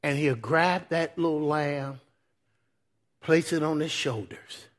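A man preaching a sermon as pastor, swinging between loud, high exhortation and soft, low intimate passages. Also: takes it slowly.

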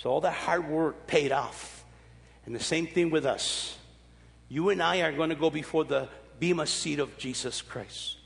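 A man's voice: fairly high pitch, unhurried, vocal fry, big-room sound. A man in his sixties preaching a sermon, with an emphatic, repetitive, folksy delivery. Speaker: pastor.

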